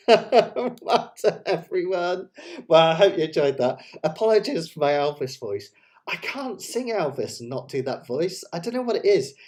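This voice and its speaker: A man's voice: on the high side, very animated, a little slow. A man hosting an online ukulele jam, chatting and explaining chords step by step. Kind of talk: casual online music lesson. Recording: loud ukulele music behind the voice.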